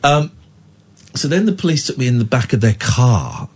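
A man's voice: medium pitch, moderate pace, breathy edge. A male radio host, emotionally retelling a distressing incident in casual on-air chat. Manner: emotional, animated retelling with restarts. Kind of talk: candid storytelling chat.

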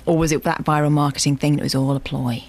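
A man's voice: fairly high pitch, flat delivery, fast. A man co-hosting a live radio show, with dry, teasing and cynical remarks. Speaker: radio co-host. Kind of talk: casual studio banter on live radio. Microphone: studio microphone.

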